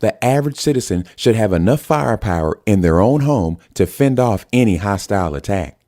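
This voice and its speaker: A man's voice: fairly low pitch, expressive, brisk, mellow, pitched above the performer's own voice, close to an everyday voice. A male narrator plays a brash female pundit with a thick Southern US accent. She sneers and argues, her voice raised above his own. It is read as part of an audiobook. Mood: combative. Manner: combative, sneering.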